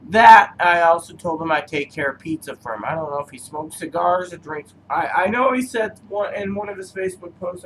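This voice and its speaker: A cigar reviewer with a high, sharp-edged male voice rambles through personal stories between his tasting notes, drifting from one anecdote to another. He hesitates often and fills gaps with "um" and "so," all over poor audio with a faint background hiss.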